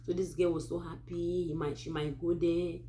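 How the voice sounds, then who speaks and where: A woman from Cameroon with a Cameroonian English accent, hosting a Christian advice channel and telling a true story in a casual, animated way with many asides. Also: lowish voice, normal speed, background noise.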